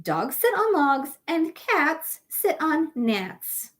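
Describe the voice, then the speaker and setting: A woman puts on a bossy little frog from a storybook who lays down new rules in rhyme. The delivery is emphatic and sing-song, pitched high with wide swings. It unfolds slowly. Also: big pitch swings, exaggerated voice.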